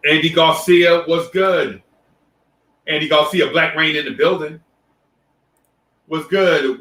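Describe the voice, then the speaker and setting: A man's voice: fairly high pitch, steady tone, takes it slowly, pauses often, distant mic. A man hosting a casual live stream, greeting viewers one by one and talking loosely with many restarts. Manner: loose, repetitive shout-outs with restarts and fillers. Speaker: livestream host. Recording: echoey room, voice set back from the mic.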